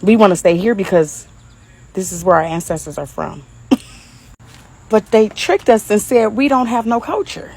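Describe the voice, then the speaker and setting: A woman's voice: mid-range voice, moderate pace, long pauses, a little mellow, husky, poor audio. A woman from Detroit with a Detroit accent, speaking in a blunt, mocking casual monologue and laughing often.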